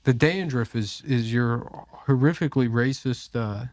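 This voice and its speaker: A man co-hosting a comedy podcast, speaking at an everyday middle pitch. He rambles and stops and restarts his sentences, often joking at his own expense. The talk is loose banter with his co-host. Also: a little mellow, no echo. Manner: rambling, halting, self-deprecating.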